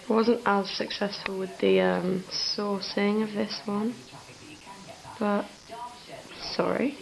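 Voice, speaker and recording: A young woman chatting casually in a vlog, soft, giggly and confiding. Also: medium pitch, level tone, slow, gravelly, long pauses, poor audio. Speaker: vlogger.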